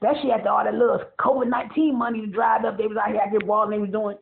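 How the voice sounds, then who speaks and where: A man with a notably high voice vents in a loose, profane monologue. He rambles, circles back and repeats words as he talks. The sound is thin and tinny, like a phone line. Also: fairly even intonation, very fast, vocal fry. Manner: profane, rambling, repeats himself, laughs often. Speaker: vlogger. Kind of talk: casual monologue rant.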